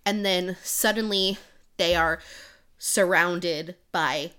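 A woman's voice: on the low side, slow pace, pushed and bright, smooth. A young woman co-hosting a podcast, retelling a novel's plot in a rambling casual way full of "like". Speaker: podcast co-host. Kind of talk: casual book-recap chat.

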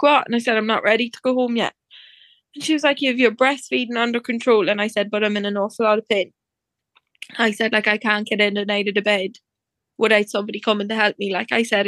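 A woman recounts a personal story in a casual chat, acting out what people said to her along the way. Her voice sits in a narrow, level pitch band and her talk is full of fillers. The recording is close and dry, with no room sound. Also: a bit bright, no echo. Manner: chatty, acts out reported dialogue, many fillers like "like".

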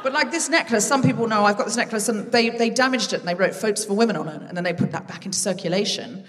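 Woman working a live theatre crowd. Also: mid-range voice. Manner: chatty, teasing, quick asides. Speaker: comedy podcast host. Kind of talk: live stand-up crowd work. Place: theatre stage before a live audience. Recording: live theatre recording with long reverb.

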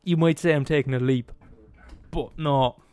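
A man telling a film story in a casual, animated monologue, swearing freely and digressing. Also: on the high side, moderate pace, clean tone, faint music behind.

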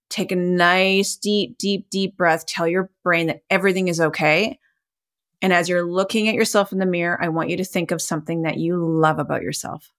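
A woman's voice: mid-range voice, fairly bright tone. Encouraging woman guiding a self-help exercise. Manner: encouraging, conversational, laughs often. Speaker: podcast host and coach.

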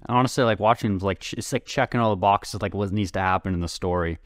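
A man's voice: fairly low pitch, fast, no room sound, studio quality. A man co-hosting a podcast in casual chat, rambling with lots of "like" and sometimes tongue-tied. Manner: rambling, heavy use of "like", tongue-tied at times. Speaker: podcast co-host.

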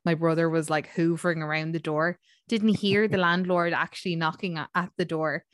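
A woman's voice: low-pitched, fairly even intonation, moderate pace, no echo, studio quality. Chatty woman podcast co-host. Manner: chatty, rambling with many fillers. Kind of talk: casual chat.

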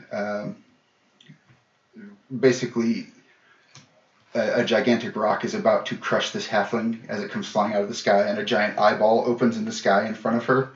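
A man narrating a tabletop game as game master, describing scenes in a casual way with many fillers. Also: fairly low pitch. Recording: echoey room, dull lo-fi sound.

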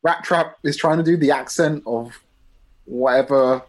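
A man in casual conversation, easygoing and quick to laugh, explaining his view at length. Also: medium pitch. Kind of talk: casual chat.

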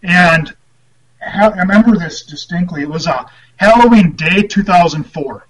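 A man with a fairly high voice telling a story as a podcast guest. He rambles, stops often to restart his sentences, and chuckles at his own tale. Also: animated, moderate pace, a bit bright, breathy edge, low-quality recording. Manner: rambling, lots of fillers and restarts, laughs at himself. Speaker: guest, former team writer.

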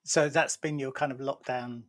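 Male interviewer, middling pitch, friendly and a bit hesitant. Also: fairly even intonation, moderate pace. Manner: hesitant, friendly questions with fillers. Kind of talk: casual interview chat.

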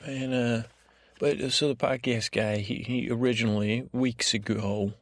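A man voicing a grumpy, cynical male butterfly who rambles along in halting, grumbling sentences full of fillers for a sleep podcast. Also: mid-range voice, fairly even intonation, dry recording, studio quality, close to an everyday voice. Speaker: podcast host. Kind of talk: sleep podcast character monologue.

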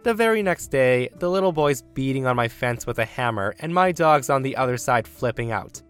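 A man reading a first-person revenge story aloud, with emphatic swings in pitch and loudness. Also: smooth. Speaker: narrator.

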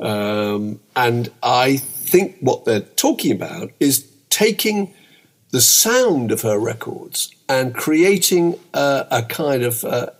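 A man's voice: mid-range voice, big pitch swings, slow. An older man co-hosting a podcast, chatting in a rambling way with many asides. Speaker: podcast co-host. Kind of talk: casual chat.

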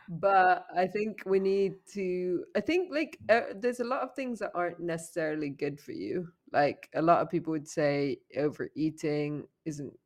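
A woman's voice: lowish voice, measured pace. A woman co-hosting a podcast in casual chat, telling stories and laughing often. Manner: laughs often, animated storytelling. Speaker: podcast co-host.

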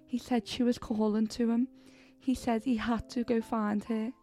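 A woman voicing a frightened teenage girl who sobs and pleads in broken, halting sentences, read in a horror story. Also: on the high side, little pitch movement, dark tone, soft background music, close to an everyday voice. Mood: tearful pleading.

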